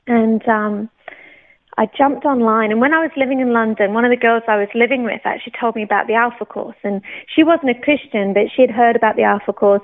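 A young woman from the UK tells her faith story, animated and quick to laugh, often restarting her sentences. Her voice sits a little high. The sound is thin and narrow, like a phone line on the radio. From United Kingdom. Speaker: guest sharing testimony. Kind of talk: personal faith testimony, casual storytelling.

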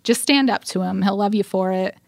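A woman's voice: medium pitch, brisk, vocal fry, dry recording, clean studio sound. A woman co-hosting a podcast, retelling a story in casual chat with lots of fillers and quoted voices. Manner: animated retelling, acts out quotes, frequent fillers. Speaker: podcast co-host.

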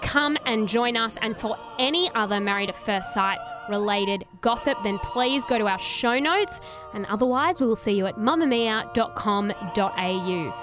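A woman co-hosting a podcast, chatting casually and sarcastically as she recaps, dropping into quick mock quotes. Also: a little high, over music. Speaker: podcast co-host.

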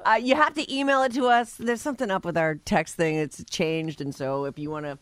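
A woman co-hosting a morning radio show, chatty and quick to laugh. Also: fairly low pitch, no room sound. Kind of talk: casual radio chat.

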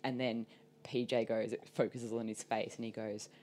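A woman's voice: rumbling low, moderate pace, a little hiss or hum. A woman co-hosting a podcast, telling a story in casual chat, laughing often and leaning on "like". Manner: animated storytelling, lots of "like" and laughter. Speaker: podcast co-host.

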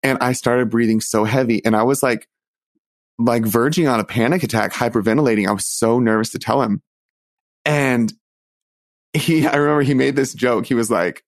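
A young man earnestly telling a personal story, halting often and restarting his sentences. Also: medium pitch, no echo. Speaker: storyteller recounting his coming out.

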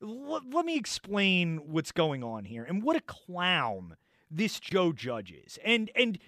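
High-pitched guy ranting on sports radio, bright punchy voice, dry studio sound. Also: slow, no echo. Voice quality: loud, animated, mocking. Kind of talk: heated sports talk. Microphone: studio microphone.

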